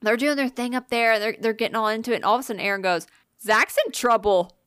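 A woman co-hosting a casual podcast, excitedly retelling a ghost-hunting episode with lots of fillers and swearing. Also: fairly high pitch, very fast, clear, resonant tone, dry recording, studio quality. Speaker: podcast co-host. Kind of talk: casual podcast chat, storytelling.

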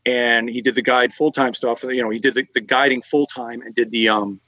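A man's voice: medium pitch, level tone, brisk, pushed and bright, no echo, highs cut off. A man from Massachusetts telling long fishing anecdotes in a casual chat, with lots of fillers and restarts. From Massachusetts, USA. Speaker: guest telling fishing stories. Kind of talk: casual conversational storytelling.

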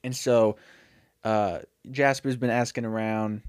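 A man's voice: on the low side, steady tone, takes it slowly, clean tone, dry recording, studio quality. A man casually retelling a made-up movie plot on a podcast, rambling and chatty, with many fillers and self-corrections. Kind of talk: casual storytelling chat.

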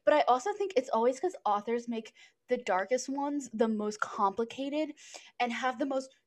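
Woman co-host, high, lively pitch, emphatic. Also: normal speed. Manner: animated, emphatic, laughs easily. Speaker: podcast co-host. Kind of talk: casual chat.

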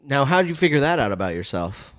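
A man's voice: medium pitch, big pitch swings, fast, a bit bright, dry recording, clean studio sound. A man co-hosting a podcast in casual chat, crude and joking, laughing often. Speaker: podcast co-host. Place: apartment.

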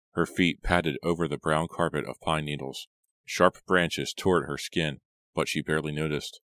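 Very deep-voiced male audiobook reader. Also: fairly bright tone, no room sound. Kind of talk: audiobook narration.

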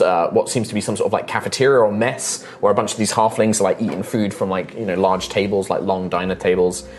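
A man narrating a tabletop game as game master, relaxed and full of fillers. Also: on the low side, a little hiss or hum. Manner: relaxed, many fillers like "um" and "kind of".

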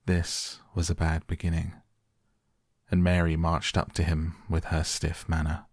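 A man reading a storybook aloud softly at bedtime, gentle and unhurried. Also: extremely low pitch, monotone, no echo, studio quality. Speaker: audiobook narrator.

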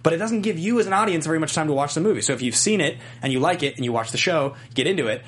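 A man's voice: on the high side, racing, fairly bright tone, a little hiss or hum. A man hosting a movie podcast, explaining things at length in a chatty, casual way. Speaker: podcast host.

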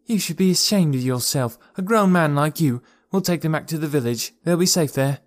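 A man voicing a gentle, kind young woman in an audiobook, soft but firm. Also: fairly high pitch, expressive, fairly quick, no room sound, studio quality, pitched above the performer's own voice, natural voice. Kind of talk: audiobook character voice.

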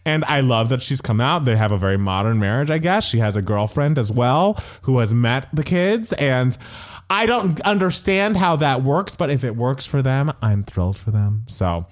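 Animated, gossipy man with a lively voice. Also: mid-range voice, moderate pace. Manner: animated, gossipy, laughs often, swears casually. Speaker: podcast co-host. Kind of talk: casual pop-culture chat.

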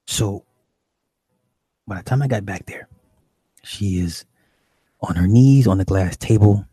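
Husky man telling a wild story. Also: lowish voice, measured pace, no room sound. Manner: animated, profane, acts out the people he describes. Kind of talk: casual comic storytelling.

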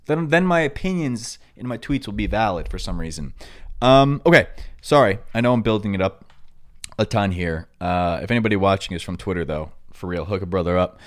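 A young man in his twenties with a New York accent, hosting a podcast in rambling, filler-heavy casual chat that breaks into loud excited outbursts. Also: on the low side, normal speed. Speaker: podcast host.

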